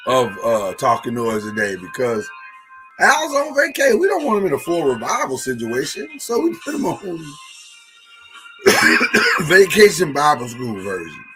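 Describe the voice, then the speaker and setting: A male podcast co-host with a voice on the high side jokes in casual studio chat, playing up mock church-service banter with an animated, jokey preacher delivery. The audio is poor.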